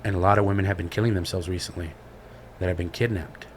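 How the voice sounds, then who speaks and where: A man's voice: sits low, quick pace, a little hiss or hum. A man co-hosting a podcast, retelling a story in casual chat with slang and swearing. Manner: slangy, profane, animated retelling. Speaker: podcast co-host.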